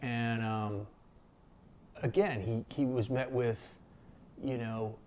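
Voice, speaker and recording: A man's voice: mid-range voice, steady tone, slow pace, a little mellow, slight background noise. A man from Philadelphia talks off the cuff to his camera, wandering between thoughts. He fills his speech with ums, slang and the odd curse, and he jumps into quoted voices when telling a story. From Philadelphia, USA. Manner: rambling and loose, with many fillers, slang and swearing; acts out quotes in a raised voice. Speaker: vlogger. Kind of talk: casual unscripted talk to camera.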